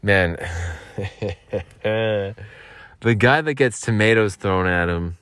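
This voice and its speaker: A man's voice: on the low side, slow pace, fairly bright tone, clean tone, dry recording. A young man in his twenties rambling and joking as a podcast host in a vocal booth, swearing now and then. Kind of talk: casual solo podcast chat.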